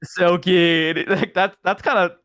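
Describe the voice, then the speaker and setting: A man's voice: a little high, quick pace, no echo, studio quality. A man guesting on a stream, chatting casually and telling rambling childhood stories full of fillers. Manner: rambling, filler-heavy storytelling. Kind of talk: casual chat.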